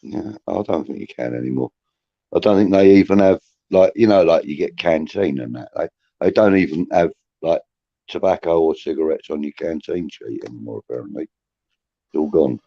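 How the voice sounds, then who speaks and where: Co-host, man in his fifties, dark mellow voice, chatty storyteller, lo-fi sound. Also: a bass voice, normal speed, gravelly, dry recording. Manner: rambling, cheeky anecdotes with lots of "you know what I mean". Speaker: podcast co-host. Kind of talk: casual storytelling chat. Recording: dull lo-fi sound.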